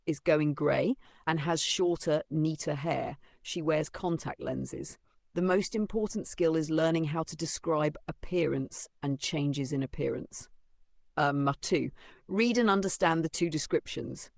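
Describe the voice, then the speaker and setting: Methodical language teacher with a slightly gravelly voice, recorded dry. Defines terms and reads quote marks aloud. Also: mid-range voice, measured pace, no echo. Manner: reads out punctuation like open quote and close quote; methodical, defines words and gives example phrases. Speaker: English teacher. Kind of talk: vocabulary and grammar lesson.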